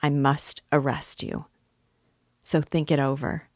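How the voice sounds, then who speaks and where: Woman reading middle-aged male police investigator, earnest, fatherly, pleading, low voice, dry close sound. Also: level tone, takes it slowly, a little mellow, no echo, full character voice.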